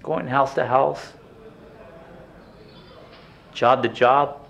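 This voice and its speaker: An actor playing a grown man reliving his abusive childhood in a theatrical stage monologue, swinging between hushed and shouting. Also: mid-range voice, steady tone, drawn-out words, vocal fry, highs cut off, heavily acted. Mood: haunted. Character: grown man, former abused son, intense and haunted.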